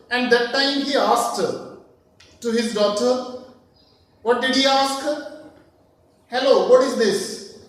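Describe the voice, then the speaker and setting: Slow, high-voiced Indian English teacher. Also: male voice. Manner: explains slowly, repeats and asks himself questions. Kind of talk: recorded class lecture. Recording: echoey room, voice from a distance.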